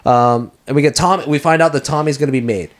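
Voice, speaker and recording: A podcast co-host with a mid-range voice speaks quickly, casually recapping a film in a rambling way and acting out quoted lines from it.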